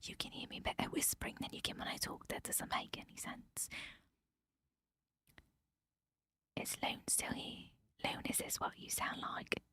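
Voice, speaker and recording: A woman doing whispered role-play as a nosy gossip, putting on a mock British accent in a breathy whisper. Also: normal speed, pushed and bright, dry recording, close to an everyday voice. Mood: hushed teasing. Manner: playful, gossipy, teasing.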